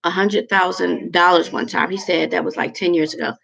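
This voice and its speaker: A woman's voice: lowish voice, steady tone, brisk, creaky, fairly bright tone, lo-fi sound. A woman in her forties telling a personal story to camera in a chatty, rambling, emotional way with lots of fillers. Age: 40s. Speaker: vlogger.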